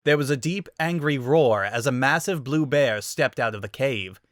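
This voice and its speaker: Narrator for a dramatic fantasy fan reading, expressive, lively pitch, dry close mic. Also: moderate pace, dry recording.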